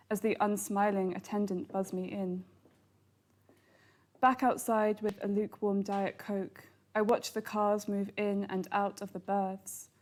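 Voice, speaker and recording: Woman, author reading her novel aloud, calm, flat even pitch, bookshop event. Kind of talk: literary reading.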